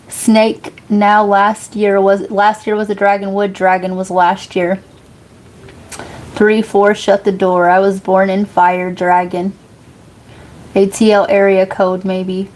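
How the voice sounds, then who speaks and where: A woman talks unhurriedly with her viewers, loose and conversational. She laughs often and swears without a second thought. A faint hiss sits under her mid-pitched voice. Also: little pitch movement, takes it slowly, a little mellow. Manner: chatty, laughs often, curses freely. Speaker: psychic reader on a livestream. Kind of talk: casual live chat reading comments.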